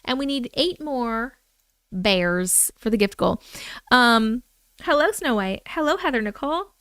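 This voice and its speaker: Woman, livestream host, chatty, laughs often, fairly high voice, smooth and dry. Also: animated, unhurried, a bit bright, dry recording. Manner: chatty, greets viewers by name, laughs often. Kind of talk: casual livestream chat.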